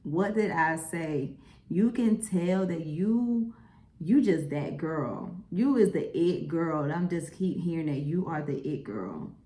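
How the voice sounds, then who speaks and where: A woman's voice: low-pitched, slow, roomy sound. Chatty woman doing a tarot reading. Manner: chatty, animated, lots of "okay?" and "y'all". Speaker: tarot reader. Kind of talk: casual tarot reading to camera.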